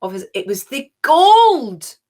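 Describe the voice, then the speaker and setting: A woman's voice: high voice, big pitch swings, slow pace, darkish tone. A middle-aged woman hosting an online quiz, chatty and cheerful, gushing with little oohs. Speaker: quiz host.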